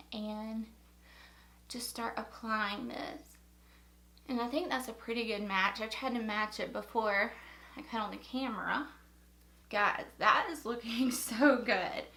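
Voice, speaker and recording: Beauty vlogger, woman, 30s, North Carolina accent, upbeat and chatty, a touch high. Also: pushed and bright, roomy sound. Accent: North Carolina Southern. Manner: chatty, upbeat, repeats words for emphasis. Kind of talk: casual makeup tutorial chat.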